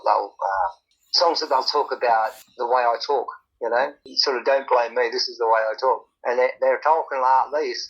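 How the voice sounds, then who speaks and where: A man's voice: mid-range voice, a bit bright, breathy edge. An Australian man, a country singer, chatting casually on a podcast, laughing often and repeating words. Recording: dull lo-fi sound.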